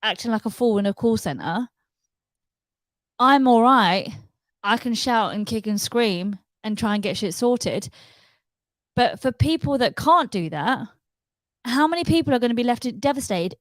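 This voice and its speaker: A woman's voice: a little high, no room sound, low-quality recording. A woman ranting about her own troubles, upset and emphatic, repeating herself as she talks. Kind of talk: personal rant to camera.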